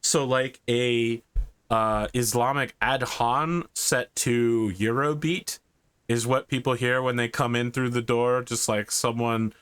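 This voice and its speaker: A man's voice: mid-range voice, fairly even intonation, takes it slowly, a bit bright, clear, resonant tone. A man running a tabletop game as game master, describing scenes loosely with many fillers.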